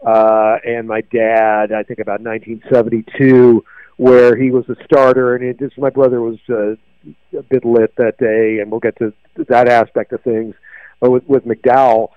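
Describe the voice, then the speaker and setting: A man's voice: mid-range voice, flat delivery, normal speed, clear, resonant tone, dry recording. Rambling older man on a tinny line. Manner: digressive, many fillers and restarts. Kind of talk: rambling sports memories chat. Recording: dry tinny phone-like sound.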